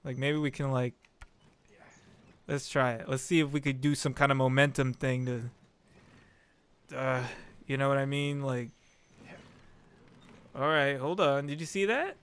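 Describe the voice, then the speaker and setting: A man's voice: mid-range voice, a little slow, pauses often, smooth. A young man commentating his own climbing game on stream, talking to his chat and yelping when he falls. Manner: excitable, talks to chat, yelps when falling. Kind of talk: gameplay commentary.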